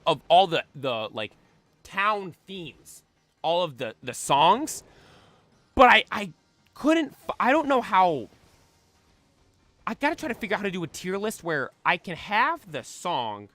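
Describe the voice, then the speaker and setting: A young man streaming casually, chatting excitedly and belting out theme songs. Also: high-pitched, unhurried, pauses often, no echo. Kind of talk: casual chat while shiny hunting.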